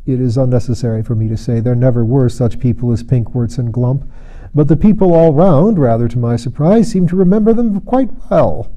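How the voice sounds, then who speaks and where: Male audiobook narrator, measured and dry, very mellow dark timbre. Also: mid-range voice, lively intonation, lo-fi sound.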